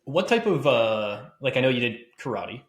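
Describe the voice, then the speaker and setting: Easygoing podcast host, roomy sound. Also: male voice, medium pitch, big pitch swings, normal speed. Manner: easygoing, laughs along, asks open questions. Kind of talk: casual interview chat.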